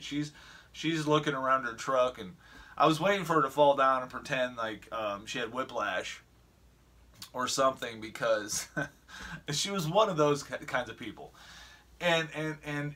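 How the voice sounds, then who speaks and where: A man's voice: mid-range voice, normal speed, bright, forceful tone. A middle-aged man telling a story in a casual vlog, rambling with frequent restarts and chuckles. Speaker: vlogger.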